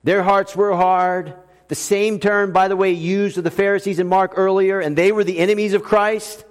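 A man preaching a sermon as pastor, telling stories with humor and a lively, conversational manner. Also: high voice, normal speed, clean tone. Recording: long hall reverb.

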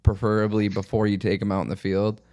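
A man's voice: on the low side, monotone, quick pace, warm tone. A man hosting a podcast, asking long, loose questions filled with "like". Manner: loose questions full of "like", laughs often. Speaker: podcast host. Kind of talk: casual interview.

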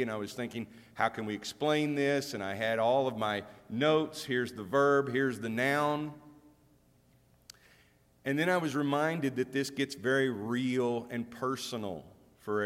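A man's voice: mid-range voice, a bit bright, in a large hall. A middle-aged man preaching a sermon as pastor, speaking candidly and conversationally, with self-deprecating humor and frequent restarts.

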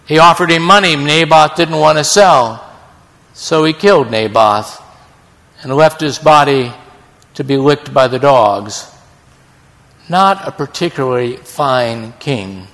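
Slow, dramatic preacher man. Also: fairly bright tone. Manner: dramatic, storytelling delivery with sudden drops in pitch and volume. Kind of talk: sermon. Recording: long reverb in a large hall.

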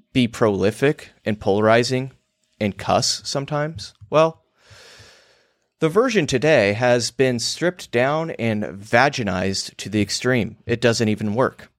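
Hosting his own show, a man delivers a crude, emphatic monologue about copywriting in an animated, medium-pitched voice. His unhurried delivery is provocative and theatrical, and the studio-quality audio has no echo.

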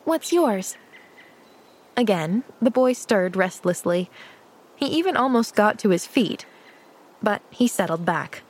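Slow-paced woman narrating a storybook. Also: mid-range voice, expressive. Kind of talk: audiobook narration.

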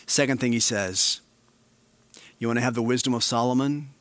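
A man preaching a sermon in a mid-pitched voice. He swings from hushed, drawn-out emphasis to animated, raised passages. The sound is dry and close. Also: no echo. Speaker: pastor.

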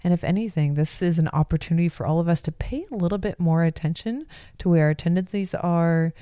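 A woman's voice: on the low side, brisk, dark tone, clear, resonant tone, dry recording. A middle-aged woman, a mother, talking in a candid, rambling personal monologue full of fillers and restarts.

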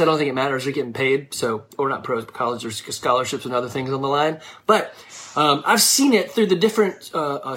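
A woman's voice: fairly low pitch, a bit bright. A woman who coaches youth sports, giving blunt, scolding advice to parents in a frank monologue.

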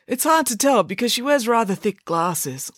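A woman's voice: fairly high pitch, big pitch swings, normal speed, no echo, clean studio sound, voice pushed up. A woman reading a storybook, voicing a large, earnest teenage schoolboy who is bashful and dreamy about love.

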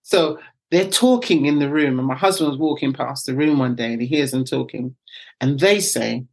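A middle-aged British woman, a guest telling lively anecdotes and acting out the voices of the people in them. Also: very deep voice, normal speed. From United Kingdom. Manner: animated, acts out voices in her anecdotes. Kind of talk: storytelling interview.

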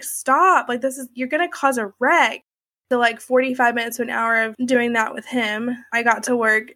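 A woman's voice: fairly high pitch, fairly bright tone, dry recording. Woman recounting her story, chatty and unpolished. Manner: conversational, filler-heavy, many likes and you knows. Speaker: interviewee sharing her story. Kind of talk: candid personal storytelling.

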